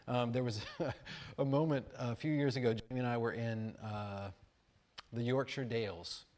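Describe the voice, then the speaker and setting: An American man giving a talk, reading reflective passages and telling rambling, animated anecdotes with fillers and restarts. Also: medium pitch, moderate pace. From United States. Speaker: speaker at an arts conference. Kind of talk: talk mixing read essay and casual anecdote.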